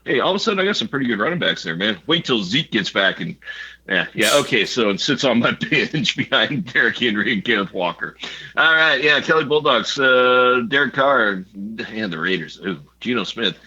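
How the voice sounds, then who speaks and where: Bright-voiced man joking about fantasy football. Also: medium pitch, moderate pace, husky, dull audio. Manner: joking, animated, swears casually. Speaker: fantasy league co-host. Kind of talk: casual banter.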